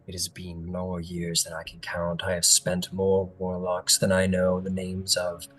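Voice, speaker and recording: A cold, cruel fae prince, as a man puts him on, speaking low and quietly with menace. His husky voice sits low, with sudden sharp bursts. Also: monotone, measured pace, faint music behind. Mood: grim.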